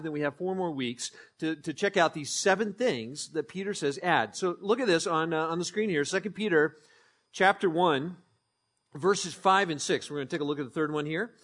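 A man preaching a sermon as pastor, conversational and joking, telling animated stories. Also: high voice.

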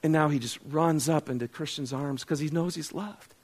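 Pastor, middle-aged man, high-pitched, relaxed and conversational from the pulpit, quizzes his congregation. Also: moderate pace, breathy edge. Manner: conversational, self-deprecating, asks the congregation questions. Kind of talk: sermon.

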